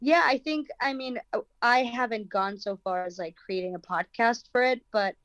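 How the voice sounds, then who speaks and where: A woman's voice: a little high, normal speed, a bit bright, no echo, lo-fi sound. An actress with an American accent, talking thoughtfully in an interview and searching for her words. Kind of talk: casual interview talk.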